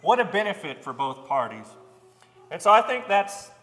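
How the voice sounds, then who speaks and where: A man giving a sermon in an earnest, plain-spoken way, often pausing with ums and repeating words. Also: high-pitched, sing-song, fairly bright tone. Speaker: preacher. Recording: echoey hall with long reverb.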